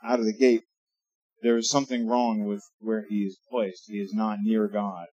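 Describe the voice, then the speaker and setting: A man's voice: on the low side, little pitch movement, moderate pace, warm tone, husky, no echo, lo-fi sound. A man preaching a sermon in a conversational way that rises to emphatic readings of scripture. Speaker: pastor.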